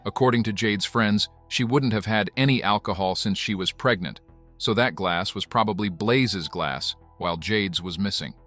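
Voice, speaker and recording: A man narrates a documentary in a steady, measured tone. His voice sits a little low, and his delivery stays even and deliberate. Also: soft background music. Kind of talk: scripted narration.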